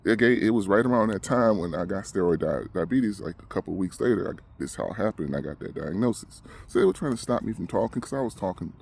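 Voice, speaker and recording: A man's voice: sits low, lively intonation, fast, gravelly, hardly any pauses, darkish tone, husky. A man ranting emotionally to the camera, agitated and short of breath, repeating himself as he talks. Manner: agitated, repetitive, heated. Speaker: vlogger.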